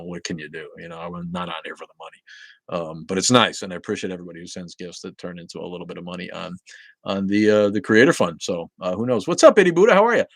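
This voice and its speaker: A man hosting a casual livestream from home, greeting viewers loudly, coughing often and swearing casually. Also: low-pitched, dry recording. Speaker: livestream host. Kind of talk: casual livestream chat reading viewer comments. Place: at home with a dog nearby.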